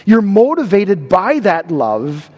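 A man's voice: high-pitched, big pitch swings, slow pace, a little mellow, big-room sound. A man preaching a sermon, stressing and repeating key words. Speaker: pastor.

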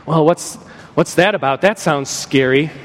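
A man preaching an animated sermon as a pastor, playful and joking, acting out little voices as he tells the story. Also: a little high, unhurried. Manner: playful, acts out voices and jokes. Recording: long hall reverb.

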